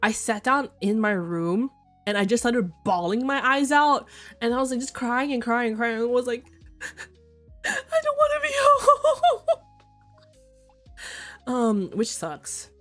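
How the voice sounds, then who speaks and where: Chatty young woman streamer, faint music. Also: moderate pace. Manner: chatty and candid, swearing freely with excited shrill outbursts. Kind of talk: casual chat.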